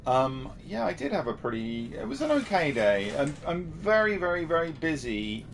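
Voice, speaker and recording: A man's voice: a little high, big pitch swings, normal speed, creaky, hardly any pauses, slight background noise. A man from the United Kingdom chatting casually while streaming a horror game and reading viewer messages. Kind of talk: casual livestream commentary.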